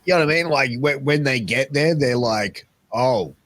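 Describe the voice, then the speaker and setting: Chatty Australian podcast host, dry sound. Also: male voice, medium pitch, brisk, a bit bright, dry recording. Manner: chatty, swears, acts out quoted people. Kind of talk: casual podcast interview.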